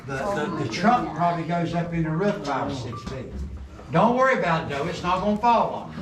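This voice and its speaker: Fairly high and a little fast, with lively intonation, this middle-aged guide tells folksy jokes and stories while leading a tour through a coal mine. He speaks in an underground tunnel over a noisy crowd, captured by a distant camera with roomy echo and background noise.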